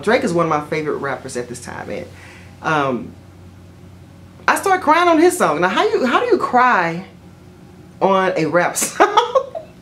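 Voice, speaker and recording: A woman vlogger telling a personal story in a chatty, rambling way, full of fillers and self-corrections, jumping up in pitch whenever she quotes herself. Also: slight background noise. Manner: jumps high in pitch when quoting herself. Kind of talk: casual storytelling to camera.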